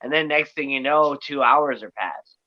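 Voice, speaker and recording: A man's voice: medium pitch, normal speed, muffled recording. A man joining a casual livestream chat, explaining things in an easygoing way with filler words. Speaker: stream guest.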